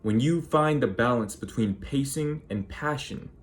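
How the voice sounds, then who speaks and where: A man giving direct-to-camera advice on public speaking, with a measured, deliberate delivery that slows right down on key words. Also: mid-range voice. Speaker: speaking coach YouTuber.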